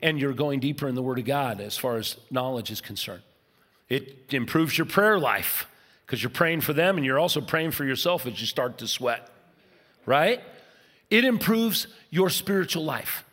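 Animated male pastor preaching in a reverberant hall. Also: mid-range voice, normal speed. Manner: animated storytelling with wide swings between loud and hushed. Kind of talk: sermon.

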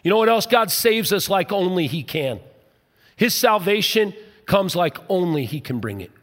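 Middle-aged male pastor, conversational sermon, fairly high voice, long hall reverb. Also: sing-song, moderate pace. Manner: jokey, conversational preaching with sudden drops to a soft, low voice.

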